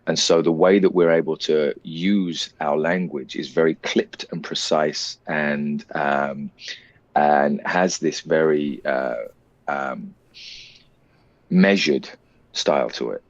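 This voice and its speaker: Very deep-voiced British man, husky. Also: fairly even intonation, takes it slowly, dry recording, lo-fi sound. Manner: reflective, explains at length. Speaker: actor guest. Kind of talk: casual interview chat.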